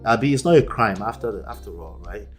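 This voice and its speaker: A man's voice: lowish voice, animated, fast talker. Man, emphatic reaction commentary, repeats himself, faint background music. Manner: emphatic, repeats points, laughs often. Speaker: relationship coach, host reacting to clips.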